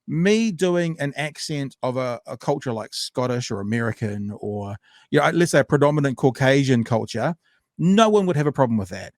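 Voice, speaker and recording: A man's voice: mid-range voice, lively intonation, moderate pace, no room sound, clean studio sound. A man hosting a conversational interview podcast, jumping in eagerly and restarting his sentences often. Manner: eager, jumps in with repeated restarts. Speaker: podcast host.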